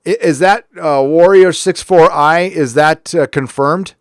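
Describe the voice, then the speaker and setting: A man from California rants as host of his own show, sarcastic and heated. His voice sits a little high for a man. The sound is dry and close, with no room echo. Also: measured pace. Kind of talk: casual commentary rant.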